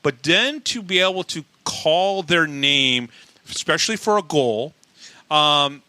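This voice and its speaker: A man hosting a casual podcast interview, eagerly agreeing and asking quick follow-up questions. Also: fairly high pitch, animated, pushed and bright, dry recording. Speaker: podcast host.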